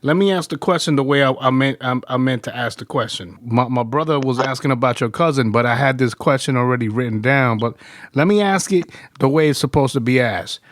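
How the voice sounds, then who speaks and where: Profane laughing podcast host, dry sound. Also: male voice, mid-range voice, brisk, no echo. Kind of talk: casual chat.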